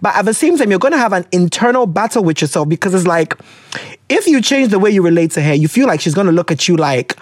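Lively Ghanaian host, dry close sound. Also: medium pitch, fast talker, dry recording. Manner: animated, mixes English with Twi phrases. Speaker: podcast host answering listener letters. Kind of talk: casual advice chat.

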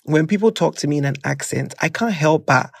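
A husky-voiced host whose pitch jumps around a lot in a casual interview chat. They talk expressively, with quick asides, and the voice sounds close and dry. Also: lively intonation, dry recording.

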